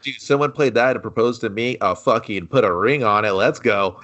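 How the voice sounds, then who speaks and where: A man's voice: medium pitch, normal speed, a bit bright, muffled recording. A man co-hosting a casual movie review podcast, crude and jokey, acting out silly bits. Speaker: podcast co-host.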